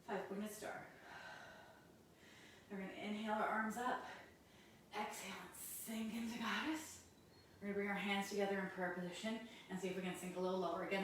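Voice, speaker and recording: A woman's voice: medium pitch, a little hiss or hum. Woman leading yoga in an echoey room. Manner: calm step-by-step cues with self-aware asides. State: a little out of breath while doing poses. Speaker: yoga instructor. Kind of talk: guiding a yoga class. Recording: very echoey room, mic at a distance.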